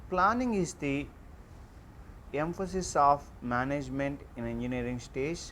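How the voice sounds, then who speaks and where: Slow, halting male online lecturer. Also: mid-range voice, fairly bright tone, slight background noise. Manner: slow, halting delivery with frequent "uh" fillers. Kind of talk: online lecture, reading slides.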